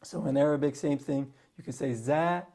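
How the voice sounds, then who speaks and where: A man's voice: a little high, fairly even intonation, normal speed, warm tone. A man patiently teaching a spoken lesson on letter sounds, repeating each sound for practice.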